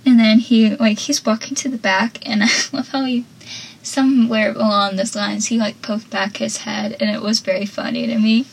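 A woman's voice: fairly high pitch, level tone, normal speed, vocal fry, slightly rough, rough recording. A young woman hosting a podcast, chatting casually and with strong opinions as she recaps a TV episode, with lots of "like.". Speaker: podcast host.

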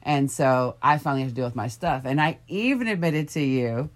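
A middle-aged woman talking gently and reflectively in a casual heart-to-heart with a friend, from her bedroom. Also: extremely low pitch, expressive, a little fast. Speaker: friend sharing personal story. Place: bedroom, in bed.

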